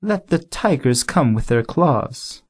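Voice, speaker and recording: A man's voice: mid-range voice, expressive, slow pace, husky. A man voicing a vain, delicate female flower who talks in a sweet, affected, fussy way in an audiobook. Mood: sweetly vain. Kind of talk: audiobook character voice.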